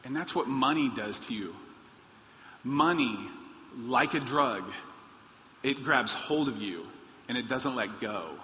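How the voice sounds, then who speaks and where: A man preaching a sermon, animated, acting out quoted pleas in a raised voice. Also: mid-range voice, slow, long pauses. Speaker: pastor. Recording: long hall reverb, faint noise.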